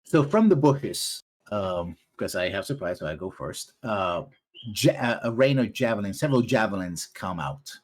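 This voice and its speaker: A man running a tabletop game as game master, narrating haltingly with many fillers. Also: on the low side, animated. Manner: halting, many ums and uhs while narrating.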